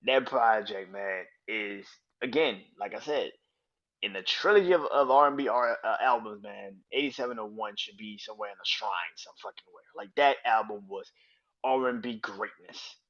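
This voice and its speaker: A man hosting a casual solo podcast, talking in a loose, profane, excited way and laughing often. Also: lowish voice, moderate pace, muffled recording. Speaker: podcast host.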